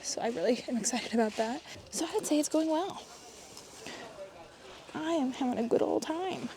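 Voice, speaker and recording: A woman's voice: sits high, lively intonation, normal speed, a crowd in the background. A young adult woman, chatting casually and upbeat as she shows off her thrift finds. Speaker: thrift reseller vlogger. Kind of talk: casual vlog chat.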